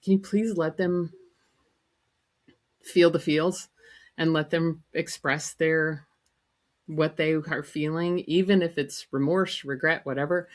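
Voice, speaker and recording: A woman's voice: deep voice, fairly even intonation, slow, pauses often. A woman in her fifties, a grandmother co-hosting a podcast, chatting candidly and telling stories with frequent laughs. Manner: candid, laughs often, storytelling. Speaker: podcast co-host. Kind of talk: casual chat.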